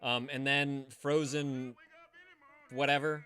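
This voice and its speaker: A man's voice: mid-range voice, expressive, a little slow, bright, forceful tone, faint music behind. A man hosting a casual live-stream call-in show, rambling and profane, stammering and restarting as he chats with viewers.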